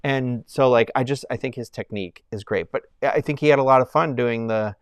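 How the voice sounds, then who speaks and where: A man's voice: medium pitch, fairly quick, clean tone, dry recording. A young man chatting casually to viewers on a live stream, rambling and heartfelt, with many fillers and restarts.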